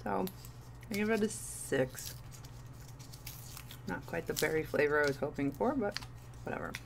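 Goofy woman vlogger in her thirties, lowish voice, faint room hum behind her. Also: animated, moderate pace, creaky. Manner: playful, goofy asides. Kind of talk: casual candy review vlog.

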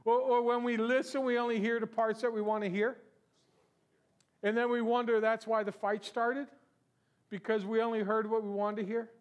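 A man with a notably high voice delivers a sermon in a church. He preaches in a loose, conversational way and keeps asking the congregation questions. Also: flat delivery, normal speed, clear, resonant tone. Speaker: pastor. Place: church sanctuary.

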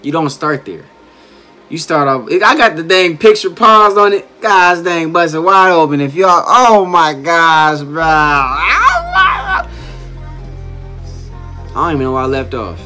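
A man's voice: a little high, moderate pace, bright, forceful tone, faint music behind. A man reacting to a dance video on his channel, calling out exclamations and playful slang as he watches. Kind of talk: excited reaction commentary.

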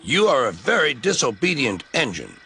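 A man's voice: medium pitch, huge pitch swings, normal speed, noisy background, voice pushed up. A man voicing a stern, formal male railway controller who scolds a disobedient engine. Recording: music playing underneath.

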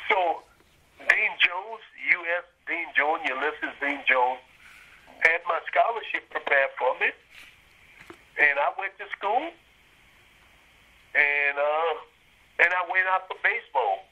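A man's voice: fairly high pitch, expressive, slow, pauses often, bright, forceful tone. An older man telling his story in an interview, emphatic and checking in with his listener. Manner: emphatic, acts out quoted people, checks in with "you got me?". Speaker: interviewee, retired college baseball coach. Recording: dull lo-fi interview recording.

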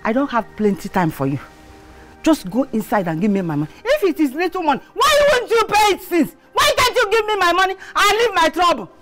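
A Nigerian actress playing a pushy female cloth seller who shouts demands for her debt. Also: very high-pitched, sing-song, brisk, soft background music, heavily acted. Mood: angry. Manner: shouting, aggressive, mixes Igbo.

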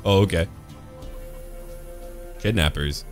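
A very low-voiced man plays a video game and talks over it in a playful let's-play style, slipping into mock-pompous, old-fashioned turns of phrase. He speaks slowly with huge swings in pitch, bursting into high, silly exclamations, while faint music plays underneath.

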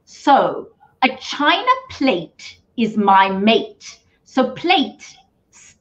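A woman's voice: a little high, very animated, drawn-out words, a bit bright, highs cut off. Upbeat woman host. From South Africa. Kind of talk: casual video-call interview.

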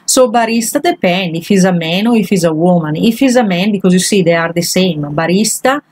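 Her voice is low, darkish and lively in intonation, and she moves at a brisk pace as this language teacher patiently takes grammar exercises one example at a time. There's no echo, but the audio is rough.

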